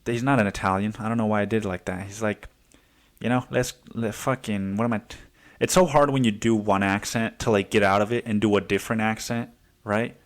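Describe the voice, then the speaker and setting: A man's voice: lowish voice, steady tone, fast. A man hosting a podcast in a casual, rambling monologue full of curses, fillers and restarts. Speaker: podcast host.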